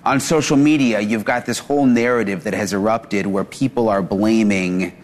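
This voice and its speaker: A man's voice: fairly low pitch, steady tone, moderate pace. A male host leading a news discussion in a conversational way and introducing clips.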